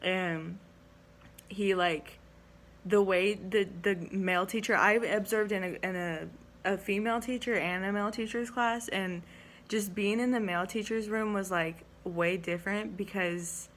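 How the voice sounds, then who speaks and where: A young woman in education studies recounts a story on her vlog, speaking a little slowly with fairly even intonation. Her medium-pitched voice is a bit bright, and she's chatty, giggles often, and uses "like" a lot. Slight background noise is present.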